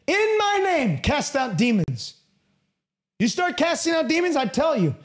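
A man preaching a sermon with passion and emphasis, sometimes rising to a shout. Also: extremely high pitch.

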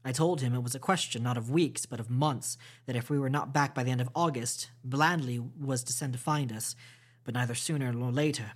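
A man reading a classic novel aloud for a podcast storytime. His narration is steady and measured, with a medium-pitched voice and the odd small slip.

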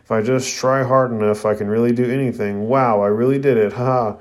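A man's voice: fairly low pitch, fairly even intonation, measured pace, darkish tone, close to an everyday voice. A man voicing an eager, earnest young male ninja student, as read in a show review. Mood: excited.

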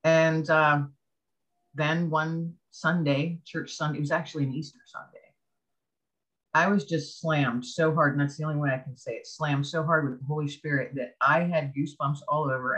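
A woman's voice: low voice, steady tone, moderate pace, a bit bright, low-quality recording. Earnest woman telling her faith story. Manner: earnest storytelling, acts out her own past thoughts. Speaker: interview guest. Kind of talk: personal faith testimony in conversation.

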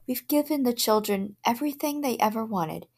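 A woman's voice: a little high, animated, normal speed, darkish tone, pitched above the performer's own voice. A woman reading a worried, stern father. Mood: uneasy. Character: anxious middle-aged father, stern and uneasy. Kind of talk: storybook reading.

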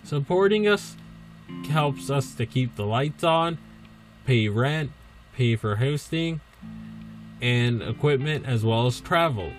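A man's voice: mid-range voice, lively intonation, takes it slowly, long pauses, faint music behind. A man hosting a podcast, talking casually and rambling with frequent ums and restarts. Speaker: podcast host.

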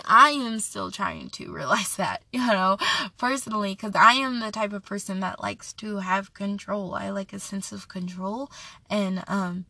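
A woman's voice: medium pitch, vocal fry, sharp tone, no echo. A young woman hosting a devotional podcast, reading Bible verses and sharing an earnest, chatty personal testimony. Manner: earnest, chatty, self-correcting.

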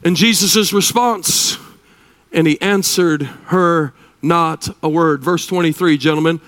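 A man preaching a sermon as pastor, shouting and then dropping to hushed tones in a repetitive preaching cadence. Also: on the high side, slow. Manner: shouting, dramatic swings between loud and hushed.

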